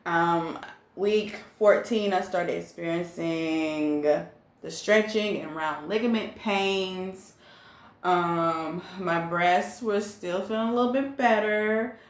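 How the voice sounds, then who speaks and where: Young woman vlogger, slow and easygoing, low-ish voice, echoey room sound. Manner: chatty, relaxed, many ums and likes. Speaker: pregnancy vlogger. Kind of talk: casual chat to camera.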